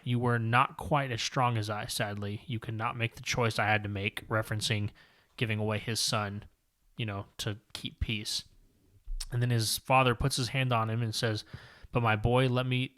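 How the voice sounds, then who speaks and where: A man talking through a comic book story on a podcast, rambling and long-winded. His delivery stays fairly flat in pitch, even when he reads the characters' lines aloud. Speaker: podcast co-host. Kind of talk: casual comic book discussion, reading panels aloud.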